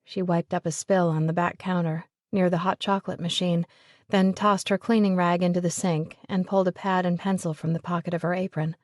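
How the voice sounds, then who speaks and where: A woman narrating a romance audiobook in an even, measured way. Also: fairly low pitch, no room sound, clean studio sound. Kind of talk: scripted narration of a romance novel.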